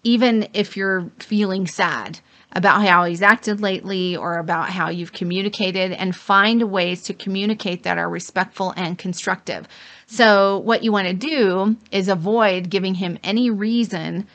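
A woman's voice: medium pitch, steady tone, normal speed, fairly bright tone. A middle-aged woman co-hosting a casual advice chat, walking through points one by one. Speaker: co-host.

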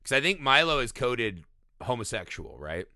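A man co-hosting a podcast, chatting casually about a film, animated and profane, laughing often. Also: mid-range voice, moderate pace, dry recording, studio quality. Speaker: podcast co-host.

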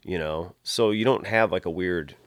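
Deep-voiced and speaking at a moderate pace, this guitar pedal builder is recorded in studio quality with no room sound. His casual chat wanders through long stories full of swearing, and he performs the quoted voices himself.

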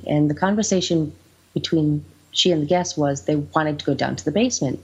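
Brief: low-voiced, husky woman, chatty anecdotes, dull lo-fi sound. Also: steady tone, brisk, a little mellow. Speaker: house owner and guest. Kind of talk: casual storytelling. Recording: muffled lo-fi audio.

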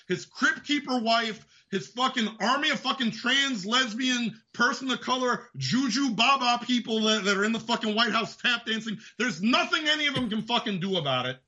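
A man's voice: very high voice, pushed and bright, highs cut off. A man hosting a show, delivering an angry, profane political rant. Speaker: host. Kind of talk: ranting political commentary.

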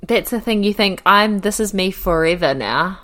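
A woman's voice: medium pitch, lively intonation, moderate pace, a bit bright. A woman podcast host chatting casually and sympathetically with a guest. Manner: sympathetic, brief interjections and laughs. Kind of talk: casual chat.

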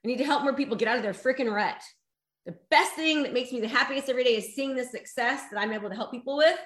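A woman coaching her online audience with emphatic, exhorting force and a tearful edge in her voice. She sits a little high for a woman's voice. The sound comes from a rather echoey room. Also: fast talker, a bit bright. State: emotional, tearful. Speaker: motivational coach. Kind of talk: live online motivational talk.

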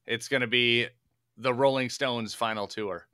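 A man co-hosting a podcast, joking loudly and laughing through casual chat. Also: medium pitch, fairly even intonation, a little slow, very noisy. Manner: loud, laughing banter. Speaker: podcast co-host.

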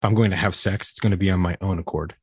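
A man on a podcast, telling a joke in a deadpan way. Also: deep voice, rapid-fire, husky, dry recording. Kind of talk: casual podcast banter.

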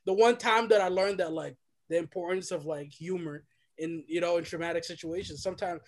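A young man, a podcast guest, telling a story in a lively, dramatic way and dropping to a hush for effect. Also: high-pitched, fairly quick. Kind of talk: animated storytelling.

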